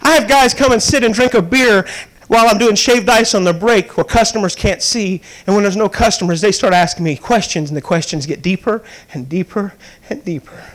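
A man's voice: high voice, a little fast, rough recording. A man in his thirties, a traveling evangelist, telling stories and then preaching with growing fervor. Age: 30s. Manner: storytelling, rising to fervent preaching. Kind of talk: sermon.

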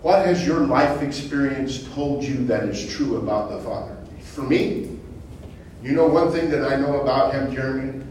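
A man preaching informally to a small group, conversational, repeating phrases and asking rhetorical questions, building to loud emphatic bursts. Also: medium pitch, lively intonation, moderate pace. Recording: echoey room from far off, faint noise.

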